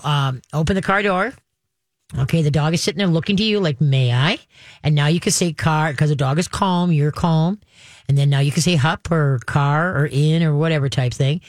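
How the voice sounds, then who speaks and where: A woman dog trainer hosts a call-in radio show, offering upbeat, practical advice step by step and frequently checking in with "okay." Her voice sits low with a darkish tone, recorded in clean studio quality with no echo.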